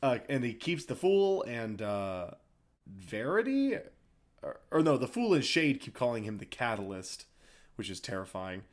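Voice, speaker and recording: A man talks through a plot on a podcast in a rambling, offhand way, leaning on filler words as he goes. His pitch sits right in the ordinary middle range for a man. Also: big pitch swings, unhurried. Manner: rambling retelling full of uh and like. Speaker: podcast co-host. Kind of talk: casual book discussion.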